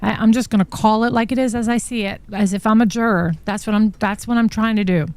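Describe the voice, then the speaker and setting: A woman's voice: fairly high pitch, steady tone, fast, a little mellow, smooth, no echo. A woman hosting a true crime live stream, reading text messages aloud and reacting with shocked asides. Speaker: true crime podcast host. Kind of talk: live-stream commentary reading trial exhibits.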